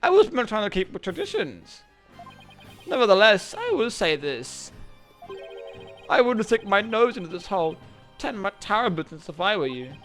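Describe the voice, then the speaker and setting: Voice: medium pitch, sing-song, moderate pace, pauses often, faint music behind, natural voice. A streamer voicing a vain, flamboyant man obsessed with beauty, in a pompous theatrical manner, reading game dialogue aloud. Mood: haughty.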